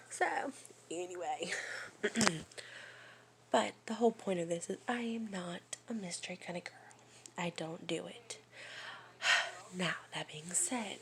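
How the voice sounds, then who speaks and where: Gravelly-voiced woman whispering a personal vlog. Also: fairly low pitch. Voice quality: soft, often whispering. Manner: rambling, confiding, many fillers. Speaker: vlogger.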